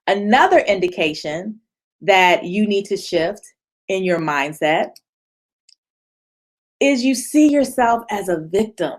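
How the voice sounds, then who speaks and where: A woman giving an animated motivational talk to a virtual retreat audience, acting out other people's voices and laughing often. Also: mid-range voice, takes it slowly, long pauses. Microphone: video call.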